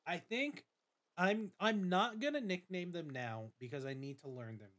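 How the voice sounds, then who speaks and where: A young man streaming a game, commenting in an excitable, gushing way with swearing and dramatic self-mockery. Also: high voice, normal speed. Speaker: gaming streamer. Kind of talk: let's play commentary.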